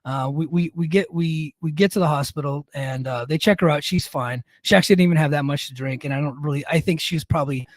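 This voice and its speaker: Middle-aged male podcast co-host, higher-pitched voice, dry close sound, profane and self-mocking storyteller. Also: fast, few pauses, no room sound. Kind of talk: casual storytelling.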